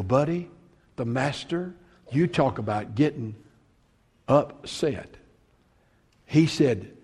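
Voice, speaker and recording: A man preaching a sermon as pastor, telling a parable and swinging between loud emphasis and hushed, quiet lines. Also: fairly high pitch, slightly rough. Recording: long reverb of a large hall.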